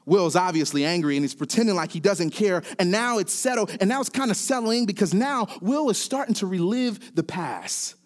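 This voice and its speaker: A man preaching a sermon, often dropping quiet and then building to emphatic, repeated calls. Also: high-pitched, lively intonation, moderate pace, hardly any pauses. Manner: swings from quiet to rising, emphatic repetition. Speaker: pastor.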